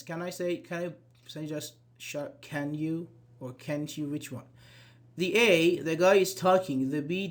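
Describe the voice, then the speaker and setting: A man teaching an online English grammar class, reading example sentences aloud and quizzing his students. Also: on the high side.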